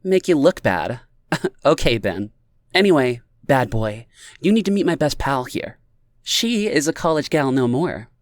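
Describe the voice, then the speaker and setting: A bubbly, tipsy young woman, put on by a male narrator in an audiobook, her voice pushed high and bright. She teases and exclaims, loud and giddy, in a dry close recording. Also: big pitch swings, a little slow, dry recording, heavily acted. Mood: teasing. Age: young adult. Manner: teasing, exclaiming.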